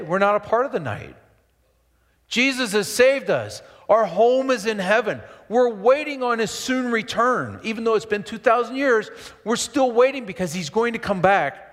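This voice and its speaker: A middle-aged male pastor preaching a sermon, emphatic and animated, with asides to his congregation. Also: high-pitched. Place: church sanctuary. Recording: long hall reverb in a church.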